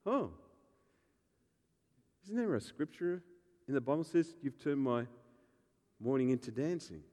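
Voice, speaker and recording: A man, a pastor preaching a sermon with animated, joking storytelling and acted-out voices. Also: medium pitch, a little slow, in a large hall.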